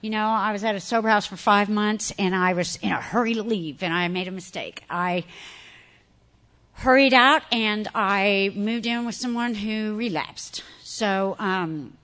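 A woman giving a candid, animated personal testimony to an audience, laughing often as she talks. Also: medium pitch, measured pace. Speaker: speaker sharing recovery story.

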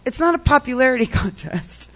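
A woman's voice: sits high, big pitch swings, a little fast. A woman telling her personal recovery story in a rambling way, full of "like" and "um". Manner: rambling, heavy use of "like" and "um".

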